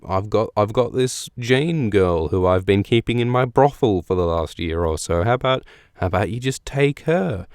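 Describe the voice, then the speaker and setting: A smarmy, scheming lord in a casual, wheedling sales pitch, as a man puts him on. The voice is low and smooth, recorded dry and close. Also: moderate pace, a little mellow, no room sound, natural voice. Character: smarmy scheming male brothel-keeper lord.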